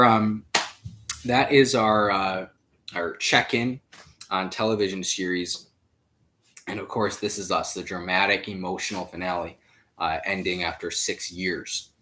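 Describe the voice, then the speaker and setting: A male podcast host talking in a casual, rambling way with lots of fillers and sudden jumps in pitch and loudness. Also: slight background noise. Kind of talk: casual chat.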